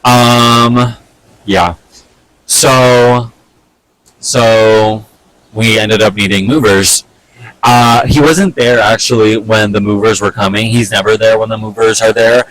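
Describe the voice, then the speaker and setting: Young guy ranting thru a storytime, animated n fed up, lots of "like", dry close sound. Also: fairly low pitch, slow pace, no echo, rough recording. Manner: animated, fed-up retelling full of fillers and swearing. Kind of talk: casual storytime vlog.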